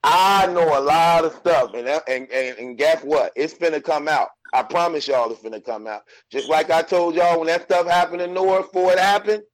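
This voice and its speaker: A man's voice: fairly high pitch, normal speed, hardly any pauses, low-quality recording. Insistent man with a raised voice. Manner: insistent, teasing, repeats himself for emphasis. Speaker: podcast co-host. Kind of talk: casual chat about battle rap.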